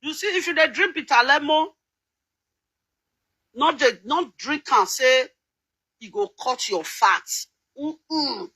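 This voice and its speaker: A woman's voice: high voice, animated, slow, long pauses, bright, forceful tone, rough recording. A middle-aged Nigerian woman chatting casually to her viewers, laughing often and breaking into bits of song. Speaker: vlogger. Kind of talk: casual chat.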